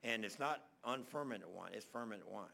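A man preaching a sermon, telling stories in a rambling way that speeds up in bursts and drops soft at the ends of phrases. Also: lowish voice, normal speed, creaky.

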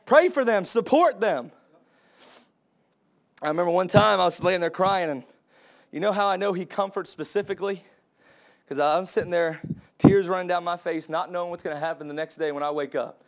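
A young adult man preaching a sermon to his church, impassioned and building to high, emphatic cries. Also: normal speed, pauses often. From United States.

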